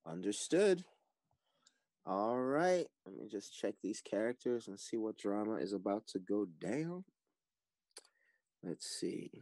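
Low-voiced man running a party game. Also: slow, long pauses, no echo. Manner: calm, procedural announcing. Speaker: game master and stream host. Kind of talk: running an online party game over voice chat.

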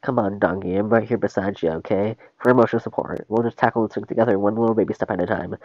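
A man's voice: fairly low pitch, fast talker, a little mellow, no echo, lightly acted. A man voicing a grumpy, blunt male ogre in a solo script reading, speaking curtly. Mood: reassuring. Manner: curt, gruff. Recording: dull lo-fi stream audio.

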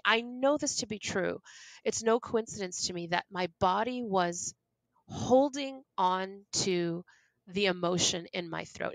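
A woman's voice: medium pitch, gravelly, no echo, poor audio. A woman in her forties, a guest in an interview, talking candidly and passionately with many restarts. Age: 40s. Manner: passionate, animated, lots of restarts and laughs.

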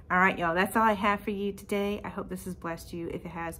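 Woman podcast host, mid-range pitch, animated and heartfelt faith storyteller. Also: moderate pace. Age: adult parent. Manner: animated, emotional, talks to listeners directly.

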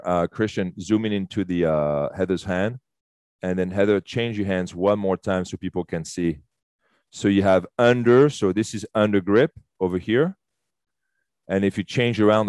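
Low-voiced male fitness instructor, dry close sound, chatty, enthusiastic, casual swearing. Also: a little slow, long pauses, a little mellow, no room sound. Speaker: fitness instructor leading a workshop. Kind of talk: casual live workshop instruction. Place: fitness studio.

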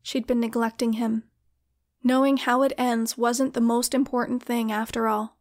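A woman reading a short fantasy story aloud in a gentle, steady narration. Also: fairly high pitch, moderate pace. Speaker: audiobook narrator.

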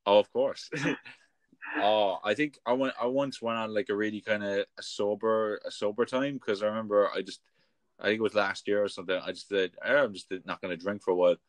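A man's voice: on the low side, steady tone, fairly quick, no room sound. A young man hosting a podcast, chatting casually and laughing often as he tells funny anecdotes. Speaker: podcast host. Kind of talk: casual chat.

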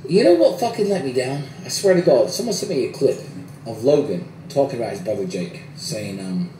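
A man's voice: medium pitch, big pitch swings, a little fast, dark tone, roomy sound. Man, heated profane rant, emphatic, distant mic, faint hiss. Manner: emphatic, profane, repeating for stress. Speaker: media personality. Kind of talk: heated casual talk.

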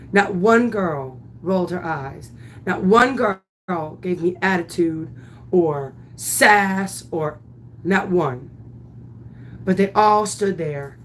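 Woman softball coach telling a story, emphatic, swears a bit, takes her time. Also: lowish voice, slight background noise. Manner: animated, emphatic, swears casually. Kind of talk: casual storytelling vlog.

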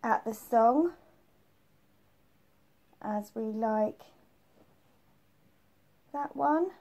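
A woman's voice: a little high, expressive, extremely slow, dark tone. A woman preschool teacher giving a phonics lesson to young children, patiently repeating each letter sound.

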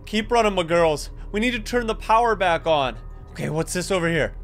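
A young man giving excitable, chatty gameplay commentary and talking straight to his viewers. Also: sits high, a little fast, soft background music. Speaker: gaming YouTuber.

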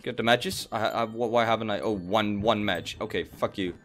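A man's voice: fairly low pitch, normal speed, a little hiss or hum. A frightened man, commentating as he plays a horror game, jittery and repeating himself when scared. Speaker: gamer playing a horror game. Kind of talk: nervous horror let's play commentary.

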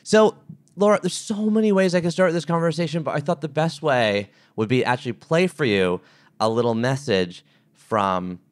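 A man hosting a podcast interview, chatty and animated. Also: on the high side, normal speed, dry recording. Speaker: podcast host. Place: Brooklyn brownstone.

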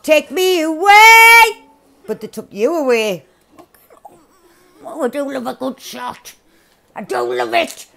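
A woman giving loud, excitable, swearing commentary over her gameplay, laughing often. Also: high voice, unhurried, vocal fry, pauses often, a little hiss or hum. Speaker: gaming streamer.

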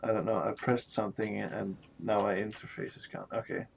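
A man's voice: on the low side, flat delivery, fairly quick, vocal fry, slight background noise. A man from Denmark, a native Danish speaker with a Danish accent, chatting casually while streaming a game. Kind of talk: casual gaming chat.

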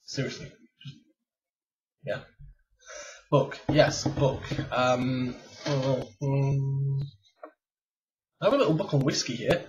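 A man's voice: mid-range voice, unhurried, pauses often, distant mic, slight background noise. A man in his late twenties from England talks casually to his webcam in a home room. He rambles with lots of ums and pokes fun at himself. The sound is dull and lo-fi, and he sits a little back from the mic. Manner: rambling, chatty, self-deprecating, with frequent ums. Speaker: vlogger. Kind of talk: casual tag vlog chat.

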